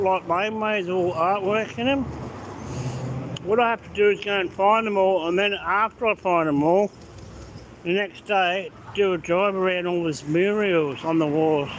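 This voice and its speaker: A man's voice: sits high, moderate pace, rough recording. A man chatting casually on a live stream as he walks city streets, answering viewer comments. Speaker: vlogger. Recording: street noise behind phone audio. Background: traffic and street noise.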